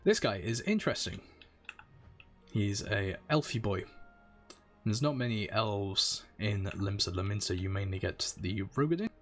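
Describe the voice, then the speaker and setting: Male streamer, low voice, chatty rambling game commentary. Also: expressive, a little slow, a bit bright, faint music behind. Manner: chatty, rambling, explains as he plays. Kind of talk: casual gameplay commentary.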